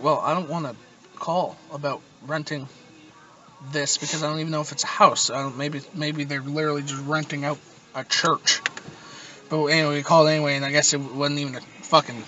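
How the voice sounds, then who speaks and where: A man's voice: fairly high pitch, fairly even intonation, fairly quick. A young man from Nova Scotia, Canada, telling a rambling, profane story in casual podcast chat. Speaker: podcast host. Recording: muffled distant mic with loud noise.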